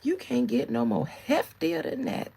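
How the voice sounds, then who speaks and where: A woman's voice: low voice, huge pitch swings, unhurried, mellow, breathy edge, poor audio. A woman doing a tarot reading. She jokes and laughs often and sometimes drops to a whisper. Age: 40s. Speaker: tarot reader. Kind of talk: casual spiritual reading and storytelling.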